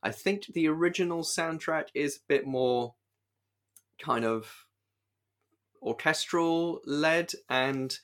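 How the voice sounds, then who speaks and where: A man's voice: a little high, slow pace, pauses often, fairly bright tone. A man co-hosting a podcast in casual chat, hesitant, with many restarts. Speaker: podcast co-host.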